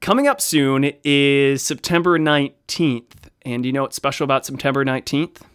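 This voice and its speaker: A man co-hosting a casual podcast chat, playful and jokey with animated asides. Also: mid-range voice, normal speed, clean tone, dry recording, studio quality. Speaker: podcast co-host.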